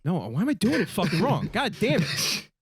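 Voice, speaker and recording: A man's voice: high voice, big pitch swings, a little fast, background noise. A male podcast host in casual, joking chat, poking fun at himself.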